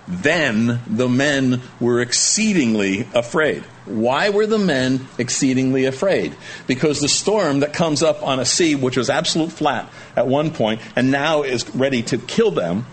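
Male pastor, animated verse-by-verse sermon, lively pitch, light background hiss. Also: unhurried. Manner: animated, conversational, jumps to high pitch for quotes. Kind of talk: sermon, expository Bible teaching.

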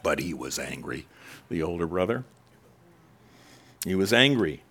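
A man's voice: very animated, breathy edge. Man preaching, reading scripture aloud. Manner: reads scripture slowly, then breaks off to comment with asides; acts out the quoted voices, rising loud and high for the angry sons.

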